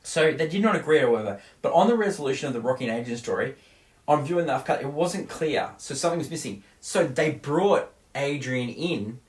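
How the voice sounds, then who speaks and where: A man's brisk, animated voice sits on the high side as he co-hosts a relaxed movie review program. Retelling scenes with energy, he restarts many times, and the recording has an echoey room sound.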